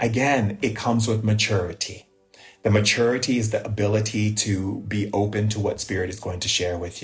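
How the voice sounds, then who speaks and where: A man giving a live spiritual talk, telling personal stories with rhetorical questions and a frequent "right?". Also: lowish voice. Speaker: spiritual teacher. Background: faint music.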